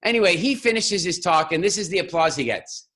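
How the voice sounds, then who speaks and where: A man giving a keynote talk as a public speaking coach, telling a funny story in an animated way and acting out the voices of people in it. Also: high voice, a little fast, a little hiss or hum. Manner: animated, acts out voices and laughs through his story.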